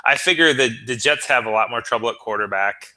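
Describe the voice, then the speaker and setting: A man's voice: mid-range voice, fast, bright, forceful tone, poor audio. A man co-hosting a sports talk show, earnest and stammering as he builds long arguments. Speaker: podcast co-host.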